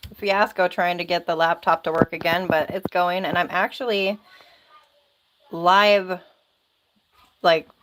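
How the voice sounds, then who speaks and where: A woman's voice: on the low side, steady tone, a little slow, long pauses, noisy background. A woman hosting a casual livestream, chatty and rambling, laughing often, talking into a phone or laptop mic. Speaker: livestream host.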